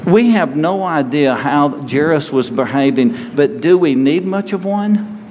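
Male pastor, fairly high voice, earnest conversational sermon, long hall reverb, faint room noise. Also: expressive, measured pace, darkish tone. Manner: earnest, conversational preaching with dramatic pleading asides.

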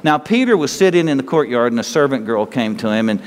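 A man's voice: mid-range voice, lively intonation, quick pace, in a large hall. A man preaching a sermon to his congregation in a folksy, joking manner, talking straight to the people in front of him. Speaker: pastor.

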